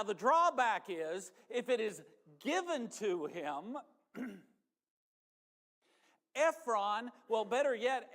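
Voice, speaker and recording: A male pastor preaches in a slow, unhurried way, with folksy asides to his congregation. His voice sits high for a man. The sound rings with the long reverb of a church sanctuary. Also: a bit bright. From northern United States. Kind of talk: sermon.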